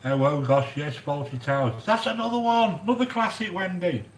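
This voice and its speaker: A man with a fairly high voice rambles excitedly while cooking, chatting to viewers by name. The room is echoey with faint noise behind him. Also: normal speed. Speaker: cooking video host. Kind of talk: chatty cooking livestream monologue.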